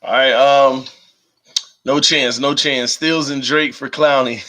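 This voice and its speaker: A man hosting a casual live stream, animated and laughing often as he reads viewer comments aloud. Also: medium pitch, takes it slowly. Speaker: live-stream host reading chat.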